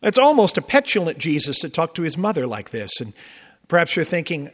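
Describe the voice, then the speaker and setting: A man's voice: fairly high pitch, big pitch swings, fairly quick. A man, a Lutheran pastor, preaching a sermon with emphatic rises and conversational asides. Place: church sanctuary. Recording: long church reverb.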